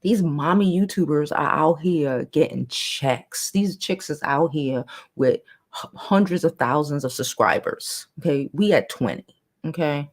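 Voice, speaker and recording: A woman with a deep, low voice chats casually to her livestream viewers. She talks bluntly, swears freely and reads their comments aloud in a softened tone. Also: measured pace. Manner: putting on a lower, softer new voice. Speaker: livestream host.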